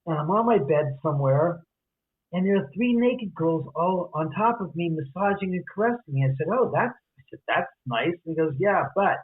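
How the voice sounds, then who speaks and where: A man's voice: fairly high pitch, husky. A man, a guest author, animatedly telling a story and acting out the other person's lines. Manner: acts out quoted dialogue. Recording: tinny phone-line audio.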